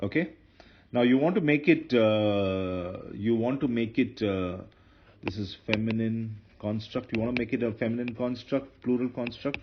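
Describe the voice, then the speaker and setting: A man with a mid-range voice delivers a patient Hebrew grammar lecture at normal speed, frequently going over points again and correcting his own mistakes. The lo-fi recording is dull, with faint noise in the background.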